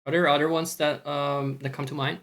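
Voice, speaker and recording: A man's voice: on the high side, little pitch movement, brisk, fairly bright tone. A man with a Scottish accent chatting casually on a live stream, rambling, swearing freely and joking at his own expense. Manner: rambling, sweary, self-mocking.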